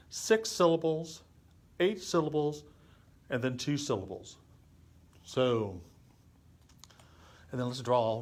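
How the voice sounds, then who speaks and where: A man teaching children a drawing and poetry lesson on a live stream, patiently counting syllables aloud as he thinks and draws. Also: medium pitch. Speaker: art and poetry instructor for kids.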